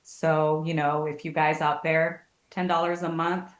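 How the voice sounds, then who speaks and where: Her voice low-pitched and her delivery a little slow, a woman guesting as a family advocate on a casual podcast acts out the people she quotes while animatedly telling stories. The recording comes from an echoey room.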